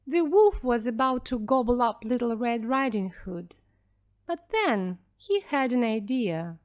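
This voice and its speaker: A woman reading a fairy tale aloud at an unhurried, deliberate pace, each word clear for beginners. Her voice sits fairly high and moves with plenty of lively melody. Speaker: narrator. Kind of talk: slow storybook narration for English learners.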